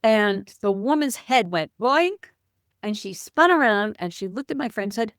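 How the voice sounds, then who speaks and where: A woman telling a personal story as an interview guest, her voice sitting at a middle pitch. She is a vivid storyteller who drops playful sound words and clears her throat now and then. The sound is close and dry, with no room echo. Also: expressive, moderate pace. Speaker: spiritual teacher, guest.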